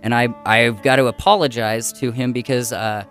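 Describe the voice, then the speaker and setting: A man hosting a comedy podcast in casual chat, excitable and quick to laugh. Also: medium pitch, soft background music.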